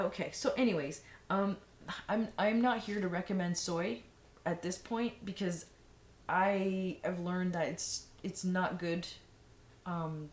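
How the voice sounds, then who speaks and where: A woman vlogger giving frank, rambling advice in a casual monologue, full of fillers and restarts. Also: lowish voice. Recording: echoey room, faint noise.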